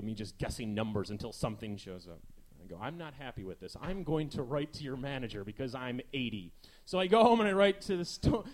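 A man hosting a live comedy talk show, delivering a rambling, sarcastic stand-up monologue. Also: sits high.

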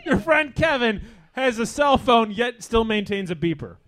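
Lively high-voiced man playing straight man. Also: moderate pace. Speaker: interviewer. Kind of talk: improv comedy.

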